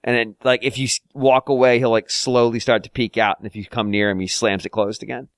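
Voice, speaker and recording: A man's voice: mid-range voice, level tone, fairly quick, no echo, studio quality. A man co-hosting a podcast, chatting casually about a game in a rambling way, with lots of fillers and restarts. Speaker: podcast co-host. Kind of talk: casual chat.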